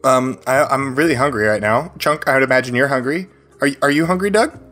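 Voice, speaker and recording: A man's voice: mid-range voice, a little fast, a bit bright, faint music behind. A man playing a tabletop role-playing game, chattering eagerly and rambling in character. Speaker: player.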